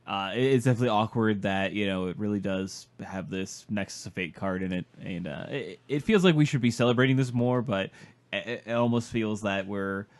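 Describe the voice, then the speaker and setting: Talking a little fast in a lowish voice, this man co-hosts a laid-back podcast about a card game. He frequently hesitates, stumbling and restarting his sentences.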